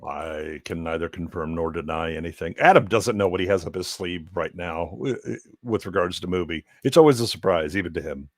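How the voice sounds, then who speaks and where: As a guest co-host in a casual podcast chat, a man rambles with many restarts and fillers. His voice sits low and he talks briskly with hardly any pauses, recorded at studio quality with no echo.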